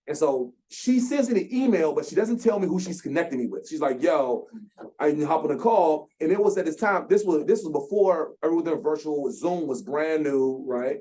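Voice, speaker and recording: A man in his thirties, speaking as a founder at a workshop, telling his story in an animated way and acting out quotes with slang. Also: a little high, a little fast. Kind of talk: storytelling talk. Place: lecture room.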